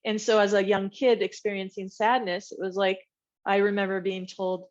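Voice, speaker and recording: A woman's voice: mid-range voice, level tone, moderate pace. Woman guest, candid, reflective storyteller, dull lo-fi recording. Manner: candid and reflective, acts out quoted voices. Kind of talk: personal story in a podcast interview. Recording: dull, slightly lo-fi sound.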